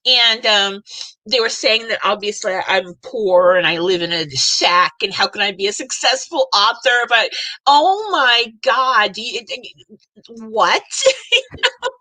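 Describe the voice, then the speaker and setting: Woman podcast host in her forties, emotional and rambling, with a bright, dry voice. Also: medium pitch, expressive, measured pace, no room sound. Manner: emotional, rambling, many fillers. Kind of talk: live panel show chat.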